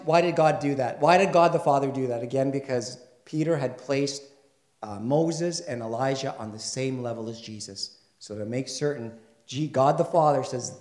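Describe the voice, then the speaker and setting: A male pastor preaching a sermon in a conversational way. He asks his listeners questions and builds to loud, emphatic passages. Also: mid-range voice, normal speed. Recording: echoey room.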